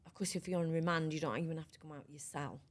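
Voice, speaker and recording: A middle-aged woman tells her own story as a podcast guest, frank and animated, with a voice that sits a touch low. She keeps restarting her sentences as she goes. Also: fast. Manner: lively, frank, runs sentences together with restarts. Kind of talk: conversational storytelling interview.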